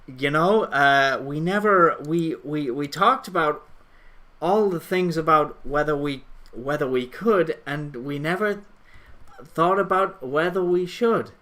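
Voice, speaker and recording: A man putting on a nerdy, high-pitched male hero who rambles and stammers in a comic impression. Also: pushed and bright. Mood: rambling. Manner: halting, stammering, repeats words. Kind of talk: comic impression on a live stream.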